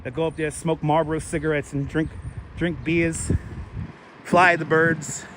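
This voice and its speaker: A man's voice: on the high side, level tone, unhurried, background noise. A man hosting a casual walking livestream outdoors, chatting and thanking viewers for donations. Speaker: livestream host. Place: outdoors on city streets. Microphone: wireless clip-on mic, phone on gimbal.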